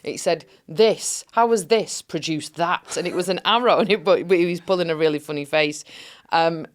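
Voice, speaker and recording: A woman's voice: lowish voice, brisk. Woman, podcast co-host, giggly anecdotal chatter. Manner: animated storyteller, laughs often, acts out quotes. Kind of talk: casual chat.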